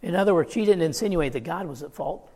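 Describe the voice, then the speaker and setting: A man's voice: fairly high pitch, animated, quick pace, mellow, big-room sound. A man preaching a sermon, earnest and emphatic, quoting scripture as he goes.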